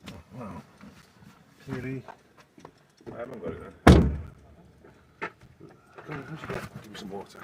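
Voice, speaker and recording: A man's voice: medium pitch, expressive, a little slow, pauses often, heavy background noise. A Welsh man on a casual live stream from his phone, rambling about the news and breaking off to talk to his dog. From Wales. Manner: rambling, talks to his dog between points.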